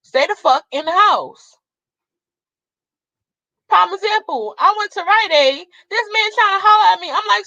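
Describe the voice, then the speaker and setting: Young adult woman vlogger, blunt and cursing; bright, sharp tone, a bit muffled lo-fi recording. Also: extremely high pitch, expressive, a little slow, pauses often, no echo. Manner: blunt, profane, fiery. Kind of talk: casual ranting monologue.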